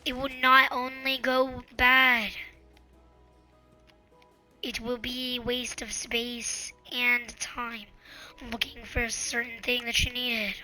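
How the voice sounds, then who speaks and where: A woman hosting her own channel, giving casual advice in an earnest, pleading, repetitive way and sometimes dropping into soft whispers. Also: fairly high pitch, little pitch movement, slow, soft background music. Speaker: channel host.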